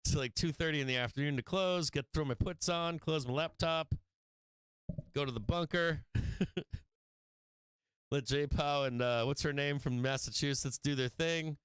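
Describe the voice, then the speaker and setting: A man hosts a live trading stream from a dry, close-sounding space. His voice sits fairly high and comes across smooth and clear. He laughs constantly, swears freely and gets loud and excitable as he talks markets. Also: normal speed, dry recording. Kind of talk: casual profane trading commentary.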